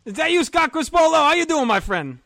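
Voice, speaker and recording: A man's voice: very high voice, sing-song, fairly quick, sharp tone, no echo, exaggerated voice. A man putting on the voice of a crude, boisterous giant male wrestler from Argentina, teasing everyone. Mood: rowdy teasing. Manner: rowdy, crude, teasing, laughing at own jokes. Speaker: guest doing a character. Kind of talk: comedic impression on a podcast.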